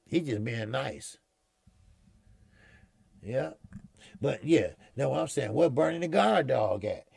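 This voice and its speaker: A man's voice: medium pitch, animated, slow pace, creaky, darkish tone, no room sound, studio quality. A man hosting a boxing talk stream, rambling and profane, repeating himself as he talks. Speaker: boxing show host. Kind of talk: casual live-stream commentary.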